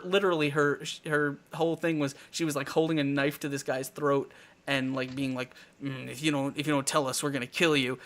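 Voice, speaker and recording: A man hosting a live talk show, telling game stories in a rambling, animated way with lots of restarts. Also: on the high side. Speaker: talk show host and dungeon master.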